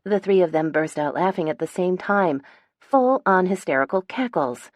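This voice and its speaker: A young woman reads a first-person romance audiobook. Her natural voice sits low, and she lifts it brightly for the chatty friends in the scene. The recording is dry and close, with no room sound. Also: moderate pace, no room sound, dull audio. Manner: lively, voicing bantering friends with raised pitch. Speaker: audiobook narrator.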